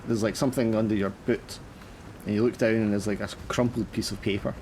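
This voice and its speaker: A man's voice: on the low side, steady tone, brisk, darkish tone, a little hiss or hum. A man narrating a tabletop horror game as game master, casual and full of fillers.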